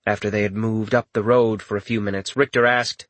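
A man narrating a fantasy story in a wry, expressive reading. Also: fairly low pitch, fairly quick, no room sound. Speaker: audiobook narrator. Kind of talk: scripted narration.

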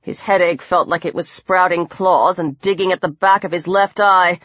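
A woman's voice: lowish voice, fairly even intonation, moderate pace, fairly bright tone, dry recording, highs cut off. A woman reading a dramatic horror novel aloud as audiobook narrator.

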